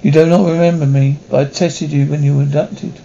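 Condescending army shrink, gravelly and mellow, persuasive, dull 1960s TV sound. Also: male voice, fairly high pitch, flat delivery, brisk, a little hiss or hum. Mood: coaxing. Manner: persuasive, coaxing. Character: smooth, condescending male army psychologist. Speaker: army psychologist. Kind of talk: 1960s television drama acting.

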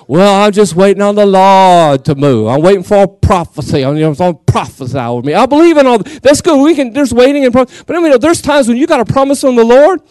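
A middle-aged man with a Southern accent preaches with fire, his voice sitting high for a man. He shouts some lines and stretches others out slowly for the congregation. The sound is dry and close. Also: no echo. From Texas. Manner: lively, shouts and drawls phrases to the congregation. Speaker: guest pastor. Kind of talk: Pentecostal sermon. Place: church.

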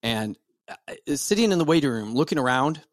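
A man's voice: medium pitch, expressive, a little fast, no room sound, studio quality. A man in his forties, a podcast guest, talking casually in a rambling way with many restarts. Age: 40s.

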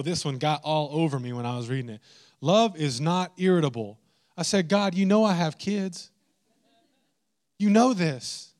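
A man preaching a sermon, animated and humorous, swinging into mock exasperation. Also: a little high. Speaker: pastor.

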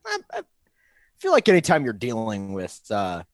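A man's voice: fairly low pitch, huge pitch swings, normal speed, no room sound. Man, podcast co-host, teasing jokes, dry close sound. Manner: joking, teasing, laughs often. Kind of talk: casual chat.

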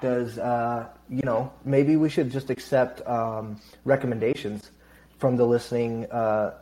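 Regular-pitched guy co-hosting a chat show, teasing, lots of ums and restarts. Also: fairly even intonation, mellow, a little hiss or hum. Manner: teasing, halting, many fillers. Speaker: podcast co-host. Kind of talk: casual chat.

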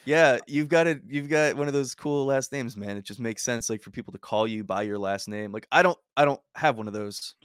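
A man's voice: mid-range voice, brisk, few pauses, clean tone, dry recording, clean studio sound. A man hosting a casual chat, friendly and teasing, laughing often. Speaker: podcast host.

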